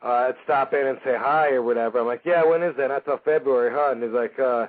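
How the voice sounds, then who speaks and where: A man's voice: medium pitch, fast. A man hosting a radio show, telling a story casually with lots of fillers and acting out the voices of the people in it. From Michigan, USA. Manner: animated, acts out quoted voices, frequent fillers. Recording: phone-like narrow band radio audio.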